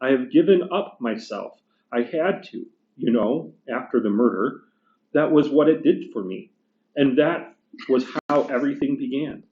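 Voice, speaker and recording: A man reading aloud and voicing a calm, patient male spirit from a book. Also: medium pitch, normal speed, close to an everyday voice. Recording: echoey room, dull lo-fi sound.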